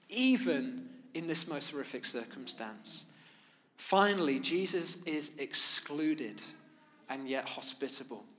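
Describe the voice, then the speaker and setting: A man preaching a sermon, speaking in measured, emphatic phrases with pauses. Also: a little high, bright, forceful tone. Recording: long reverb of a large hall.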